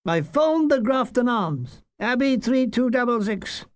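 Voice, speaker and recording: A man's voice: very high voice, animated, a little slow, no echo. Older man reading his memoir, wryly. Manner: dry, wry comic delivery. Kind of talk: audiobook memoir narration.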